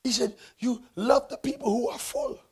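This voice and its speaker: A man preaching a sermon in church, swinging from hushed tones to loud shouting. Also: extremely high pitch, wildly swooping pitch, moderate pace, slightly rough. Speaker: pastor.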